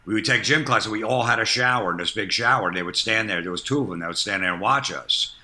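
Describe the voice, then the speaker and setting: A man's voice: on the low side, fast, sharp tone. A man in his fifties, a comedian guest, telling blunt stories in casual podcast chat and laughing at himself.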